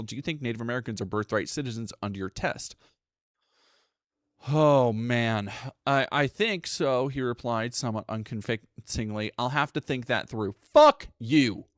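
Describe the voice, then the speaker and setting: A male streamer with a mid-range voice talks close to a dry, dead mic, going back and forth between reading news aloud and cursing sarcastically at it. His asides are loose and profane, and he pauses to thank viewers. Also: mid-range voice, fairly bright tone, no echo.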